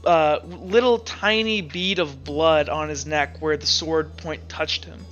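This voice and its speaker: A man's voice: fairly high pitch, slow pace, fairly bright tone, lo-fi sound, faint music behind. A man narrating as game master of a tabletop role-play session, laughing often as he describes scenes.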